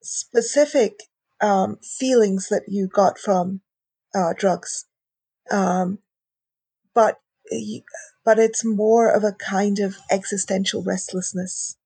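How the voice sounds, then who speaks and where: A woman hosting a conversational interview, curious, frank and relaxed as she asks questions. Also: mid-range voice, slow, husky, no echo. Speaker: interviewer, podcast host.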